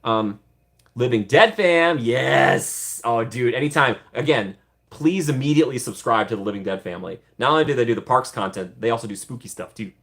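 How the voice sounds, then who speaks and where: A man's voice: medium pitch, animated, brisk, fairly bright tone. A young American man hosting a casual livestream, chatting upbeat with viewers, laughing often and rambling with fillers. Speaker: livestream host.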